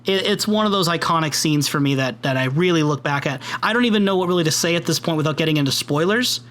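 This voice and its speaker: A man's voice: on the high side, expressive, quick pace, fairly bright tone. A man co-hosting a podcast in casual chat, laughing often and acting out lines he quotes. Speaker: podcast co-host.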